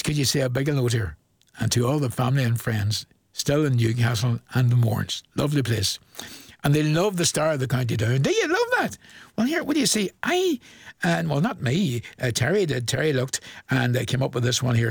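A man's voice: mid-range voice, vocal fry, slightly rough, no echo. Man, Northern Irish accent, radio presenter, jovial, chuckling, dry studio sound. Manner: jovial, chuckling, reads dedications warmly. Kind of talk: chatty radio request show.

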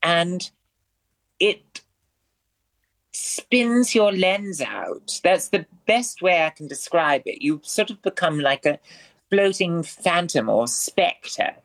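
A man's voice: high-pitched, big pitch swings, slow, gravelly, fairly bright tone. A man, a performer as a guest in a radio interview, speaking in a florid, theatrical way with elaborate vocabulary. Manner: florid, theatrical speech full of ornate words.

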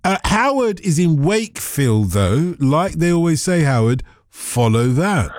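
Excitable man hosting a radio phone-in. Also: on the high side, a little slow, dry recording, studio quality. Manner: excitable, bantering, exclaims often. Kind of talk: lively radio chat with callers. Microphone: studio microphone.

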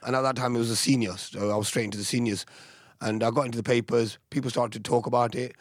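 A man, a former boxer, telling his story in a casual interview with a halting, soft-spoken manner. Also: mid-range voice, fairly even intonation, no room sound, studio quality.

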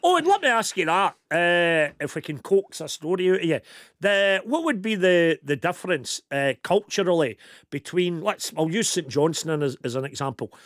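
A man's voice: high-pitched, very animated, moderate pace, fairly bright tone, dry recording, studio quality. A Scottish man hosting a casual chat and putting questions to his guests. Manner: chatty questioning interviewer. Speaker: host.

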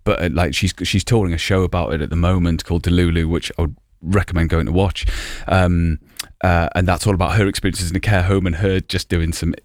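A man's voice: low-pitched, steady tone, fairly quick, no room sound, studio quality. A man, a comedian, chatting as a guest in an interview, with lots of fillers and restarts and a self-deprecating humour. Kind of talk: casual interview chat.

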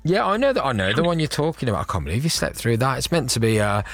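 A man's voice: medium pitch, very animated, racing, a bit bright. A man hosting a radio phone-in, chatty, teasing and upbeat. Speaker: radio show host. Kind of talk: lively radio phone-in chat. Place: radio studio.

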